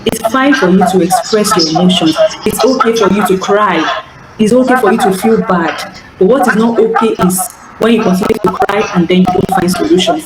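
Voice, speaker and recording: A woman giving an earnest, repetitive live coaching talk over call audio. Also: medium pitch. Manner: earnest, repeats phrases, stammers on restarts. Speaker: healing coach. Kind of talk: live online teaching talk. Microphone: online call audio. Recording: echoey, noisy call audio.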